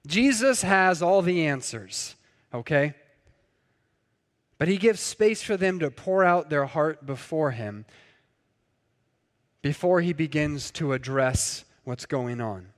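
A man preaching a conversational sermon, sometimes acting out the people in his story. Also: on the high side. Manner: conversational, acts out quoted voices. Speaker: pastor. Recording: long hall reverb.

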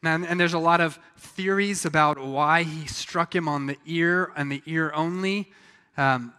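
A man preaching a sermon, telling the story in a lively way and acting out the voices of the people in it. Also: on the high side, unhurried, clean tone, long reverb tail. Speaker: pastor.

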